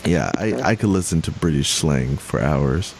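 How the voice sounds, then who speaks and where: A young adult man with a very deep voice co-hosts a podcast at normal speed, chatting casually. He rambles, restarts, corrects himself and laughs often, over a faint hiss.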